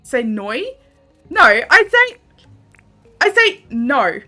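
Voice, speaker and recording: Aussie girl streaming a game, laughs a lot, reads chat, kinda high bright voice. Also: lively intonation, a little slow, faint music behind. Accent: Australian. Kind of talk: casual gameplay livestream chat.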